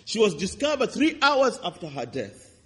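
A man preaching a sermon, telling a testimony with impassioned swings between loud and hushed delivery. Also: sits high, wildly swooping pitch, moderate pace, husky. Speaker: pastor. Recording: reverberant hall.

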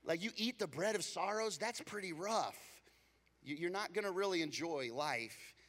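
Pastor guy preaching, jokey and chatty, fairly high bright voice, long echo like a big church. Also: lively intonation, moderate pace. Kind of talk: sermon.

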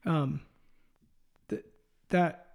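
A man hosting a faith-focused conversation, his voice a touch high and noticeably gravelly. He talks earnestly and from the heart, often stopping and restarting his sentences as he feels his way through a thought. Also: fairly even intonation, very slow, darkish tone. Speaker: podcast host. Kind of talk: faith-based interview conversation.

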